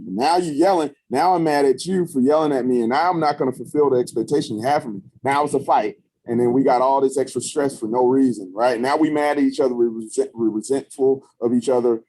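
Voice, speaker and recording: A man co-hosting a relaxed podcast in a warm, mellow voice. He drifts from point to point and leans on "you know" and "um" as he thinks aloud. His pitch sits in the middle of the usual male range. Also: fast talker, few pauses. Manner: rambling, heavy on fillers like "you know". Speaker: podcast co-host. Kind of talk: casual podcast chat.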